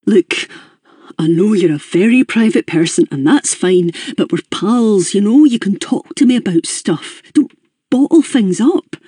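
A man's voice: high-pitched, lively intonation, unhurried, warm tone, breathy edge, no echo, studio quality, exaggerated voice. A reader voicing a worried young man who talks bluntly, swears when upset and sounds strained. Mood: pleading. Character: worried blunt male friend, young adult.

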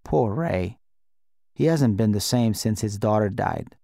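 A man reading aloud and voicing a kindly female office secretary who speaks in a hushed, confiding way. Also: on the low side, lively intonation, a little slow, vocal fry, dry recording, studio quality.

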